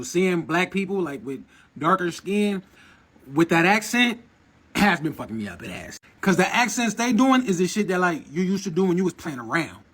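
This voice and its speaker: A man's voice: on the high side, fairly bright tone. A man giving a playful, joking casual video monologue full of silly questions.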